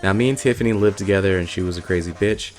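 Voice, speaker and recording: Low-voiced man telling a blunt story. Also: fast, soft background music. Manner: profane, blunt, animated retelling. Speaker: vlogger. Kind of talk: casual comic storytelling.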